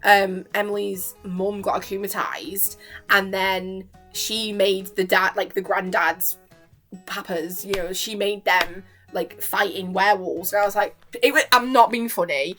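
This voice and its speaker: A woman's voice: medium pitch, steady tone, a little slow, sharp tone, faint music behind. A young woman vlogging casually at home into a webcam, chatty and giggly, packing her talk with "like" as she recaps a cartoon episode. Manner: chatty and giggly, full of fillers like "like".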